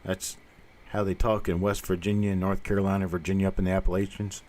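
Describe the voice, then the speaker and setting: An older man with a somewhat low voice hosts a live stream in a loose, folksy chat. He rambles from one story to the next and drops a corny joke now and then. He talks plainly and reassuringly to his viewers. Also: little pitch movement, fast, darkish tone. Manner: folksy, rambling storyteller who cracks jokes. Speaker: host of a live coin roll hunting show.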